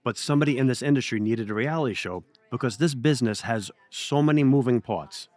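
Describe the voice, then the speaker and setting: A man tells his stories bluntly and swears without a second thought, in a mid-pitched voice. The sound is dry and close, with no room around it. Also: brisk, no echo. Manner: blunt, swears freely, animated storyteller. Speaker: pizzeria owner, interview guest. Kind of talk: casual storytelling interview.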